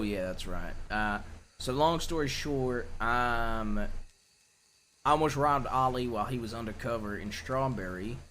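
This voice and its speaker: A man in a roleplay stream, chatting in character as an outlaw with a folksy, rough-grammar drawl. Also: medium pitch, a bit bright, a little hiss or hum.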